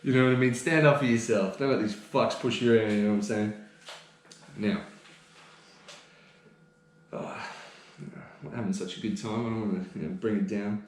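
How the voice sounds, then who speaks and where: A man's voice: on the low side, fairly even intonation, normal speed, pauses often. An Australian man co-hosting a podcast, ranting heatedly and swearing freely in casual chat. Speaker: podcast co-host. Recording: echoey room.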